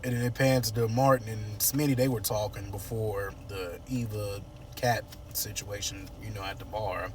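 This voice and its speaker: A man's voice: lowish voice, steady tone, normal speed, distant mic, a little hiss or hum. A man casually recapping a soap opera episode, playfully acting out the characters' lines and joking.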